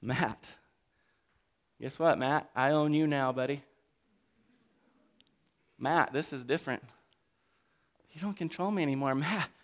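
Man playing a freshly healed man, incredulous and ranting, high voice. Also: a little slow, pauses often, close to an everyday voice. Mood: giddy. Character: newly healed man, giddy and exasperated.

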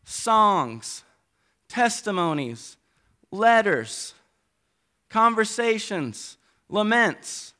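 A middle-aged man preaches a sermon in a high-pitched voice. He is animated, shifting between loud emphasis and quiet asides.

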